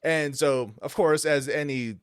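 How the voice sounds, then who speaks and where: A man's voice: on the high side, a little slow, clear, resonant tone, no room sound, studio quality. A man co-hosting a podcast, retelling a video game story in casual chat and acting out the characters' lines with frequent laughs. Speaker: podcast co-host.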